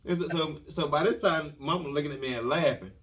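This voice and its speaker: Lively man telling a comic story. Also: a little high, brisk, distant mic. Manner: lively, repetitive, restarts phrases with slang. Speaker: podcast host telling a story.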